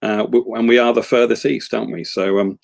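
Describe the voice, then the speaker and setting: A man's voice: mid-range voice, little pitch movement, brisk, vocal fry. A man hosting a casual live-stream chat, talkative and self-deprecating, full of restarts and tag questions. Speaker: host and poet.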